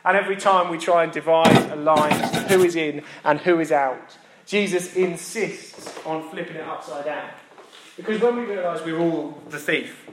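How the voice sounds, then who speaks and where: A man's voice: on the high side, reverberant, a little hiss or hum. A man preaching a sermon in a conversational, emphatic way, building his points through repetition. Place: church.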